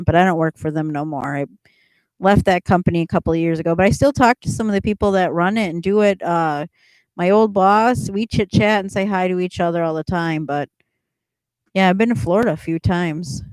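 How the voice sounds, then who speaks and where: A woman's voice: on the low side, fairly quick, a little mellow, dry recording. A middle-aged woman hosting a casual livestream chat, rambling as she answers viewers and laughing often. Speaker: livestream host chatting with viewers.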